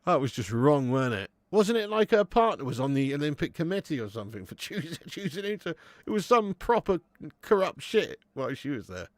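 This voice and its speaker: A young man hosting a live football watch-along, chatting with viewers, laughing often and swearing freely when excited. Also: fairly high pitch, fairly quick, no echo. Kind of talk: live match commentary and chat with viewers.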